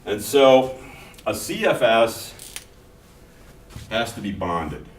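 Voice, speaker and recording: Deep-voiced middle-aged man lecturing a class. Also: sing-song, slow. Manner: conversational, telling anecdotes between explanations. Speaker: instructor. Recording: echoey classroom from far off, faint noise.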